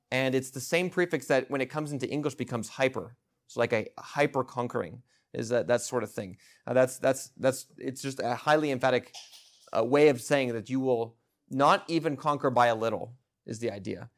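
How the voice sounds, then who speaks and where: A man preaching an expository sermon in an earnest, emphatic way, with frequent restarts and fillers. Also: medium pitch.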